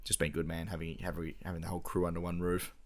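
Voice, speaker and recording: Man, Australian accent, very low voice, slangy, casual podcast chat. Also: flat delivery, quick pace. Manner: laid-back, slangy banter. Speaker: podcast co-host.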